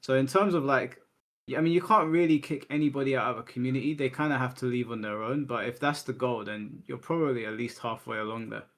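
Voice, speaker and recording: Man, mid-pitched voice, measured and explanatory, casual gaming chat. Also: a bit bright. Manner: measured, explanatory, reasoning things through.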